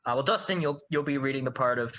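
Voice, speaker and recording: A man's voice: mid-range voice, fast, fairly bright tone. A man casting a comedy sketch, hesitant and stammering with lots of fillers. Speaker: sketch writer casting the scene. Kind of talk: scripted comedy sketch banter.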